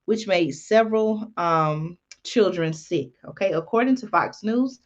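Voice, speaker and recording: A woman's voice: medium pitch, lively intonation, a little slow, lo-fi sound. A woman host reading from an article and adding folksy comments, with many ums and "y'all". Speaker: channel host.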